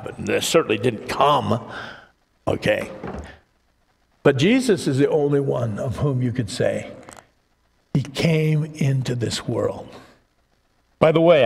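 A male pastor preaching an expository sermon, at times rising to excited emphasis. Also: mid-range voice, gravelly, big-room sound.

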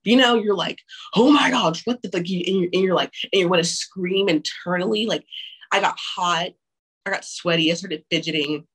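A woman's voice: on the low side, normal speed, a bit bright, slightly rough, poor audio. A young woman telling her own abortion story frankly and candidly, with frequent restarts and casual swearing.

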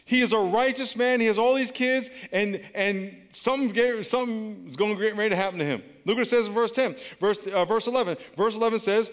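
Fast and with few pauses, a high-voiced male pastor preaches an emphatic, repetitive sermon. He engages his congregation in call-and-response inside a large church auditorium, captured with long church hall reverb.

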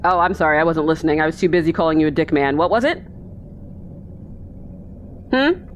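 A woman with a low-sitting voice gives brisk, animated let's play commentary, goofing around and chatting to herself mid-game. She uses a desk microphone, and there's slight background noise.

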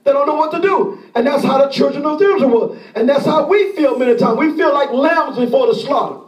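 A man preaching a sermon as pastor, impassioned and often shouting, acting out the pleas of the people he describes. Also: very high-pitched, fairly quick, roomy sound, distant mic.

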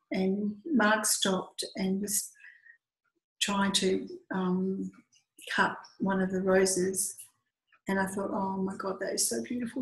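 A woman telling a personal story in a heartfelt, lively conversational way, with small hesitations. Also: medium pitch. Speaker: storyteller recounting a pilgrimage walk. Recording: echoey room.

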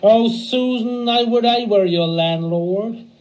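A man voicing a quick, wisecracking young gardener and waterman in a stage play. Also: very high-pitched, darkish tone, voice pushed up. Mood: joking.

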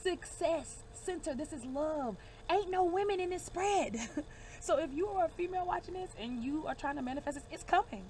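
A woman's voice: very high voice, expressive, normal speed, darkish tone, a little hiss or hum. A woman giving a casual card reading to camera, emphatic and reassuring, calling her viewers y'all and baby. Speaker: divination reader.

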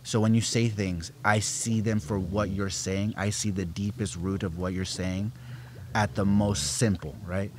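A young man speaking as a guest on his father's podcast, reflective, with many fillers, and growing animated as he goes on. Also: on the low side, unhurried, slight background noise. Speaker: podcast guest, host's son. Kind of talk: casual family podcast chat.

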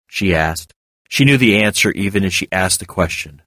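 A man narrating fiction in an even, measured reading on a close microphone. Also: low voice, dry recording. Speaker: audiobook narrator.

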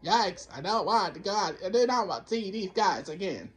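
A man's voice: high voice, expressive, normal speed, soft background music. A man giving rambling let's-play commentary, talking to himself and the game, who keeps slipping into a Count Dracula-style voice and scolding himself for it. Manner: rambling, self-talk, talks to the game. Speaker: gameplay commentator.

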